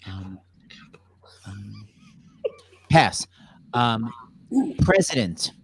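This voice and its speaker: A male host giving word-game clues on a video call, with deadpan teasing. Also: fairly low pitch, extremely slow, gravelly, a little hiss or hum.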